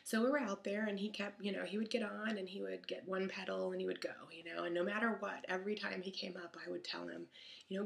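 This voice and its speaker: A mother telling a story about her son in a chatty, animated way, acting out the lines of the people in it. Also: medium pitch, brisk, creaky. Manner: chatty, animated retelling with quoted dialogue. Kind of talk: casual storytelling monologue.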